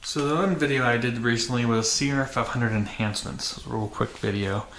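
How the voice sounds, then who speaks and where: A man with a medium-pitched, brisk, slightly bright voice hosts a dirt bike channel. He addresses the camera casually and matter-of-factly, restarting often and using plenty of fillers, in an echoey room with a little background noise.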